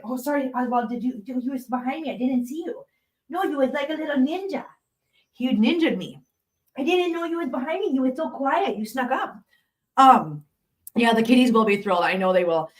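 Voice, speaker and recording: A woman's voice: a little high, distant mic. A woman hosting a live stream, chatting casually and telling rambling stories, cooing sweetly to her cats now and then. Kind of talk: casual chat to viewers. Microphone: laptop mic.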